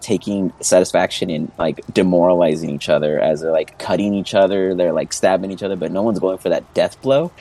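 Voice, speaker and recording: A man's voice: sits low, a little mellow. A man narrating a tabletop game as game master in a loose, rambling way with lots of fillers.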